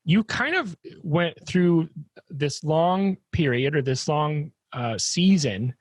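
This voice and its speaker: A man's voice: on the high side, lively intonation, slow pace, no room sound. A man hosting an interview, asking probing questions and checking in often. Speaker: podcast host.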